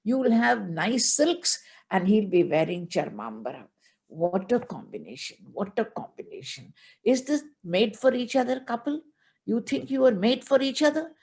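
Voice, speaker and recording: A taunting young Brahmin boy, as a woman storyteller puts him on, his voice lifted high and full of scorn. He teases and ridicules in an exaggerated, singsong way. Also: expressive, normal speed, gravelly, darkish tone, slightly rough, heavily acted. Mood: mocking.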